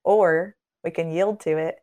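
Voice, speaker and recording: Her lowish voice stays fairly even and a little mellow as this ministry founder, a faith podcast guest, speaks at a measured pace. Earnest and preacherly, she layers her points with repetition and raises her tone to voice the people she quotes.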